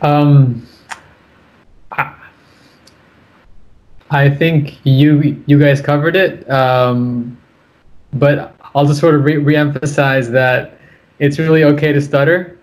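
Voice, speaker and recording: A man's voice: a little high, steady tone, slow pace, long pauses, a little mellow. A man, repeating words as he stutters on a casual video call. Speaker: co-guest.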